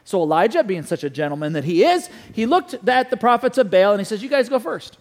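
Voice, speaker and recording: A man preaching a sermon, telling a story with animated delivery and putting questions to the listeners. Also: high voice, fast, big-room sound. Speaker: pastor.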